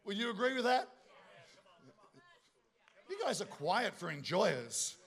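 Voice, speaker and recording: Aussie pastor guy, middle-aged, kinda high voice, cracking jokes mid-sermon. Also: slow pace, gravelly, long pauses. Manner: animated, joking storyteller with asides to the congregation.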